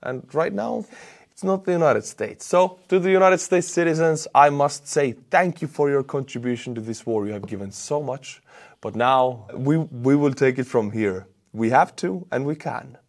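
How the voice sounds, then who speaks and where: A man's voice: medium pitch, normal speed. A man from Estonia with an Estonian accent, delivering emphatic, opinionated war news commentary on his channel. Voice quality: emphatic, animated, with sudden loud outbursts.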